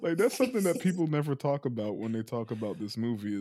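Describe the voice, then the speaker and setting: A man's voice: mid-range voice, expressive, fast, dark tone, no echo, studio quality. Laughing man recapping a movie. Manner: laughs often while retelling, loose and playful. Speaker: podcast host recapping a film. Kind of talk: casual chat.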